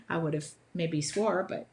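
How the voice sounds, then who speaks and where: Woman, art teacher, live drawing demo, chatty, upbeat, self-deprecating, low-pitched voice. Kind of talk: casual live demonstration. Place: home art studio.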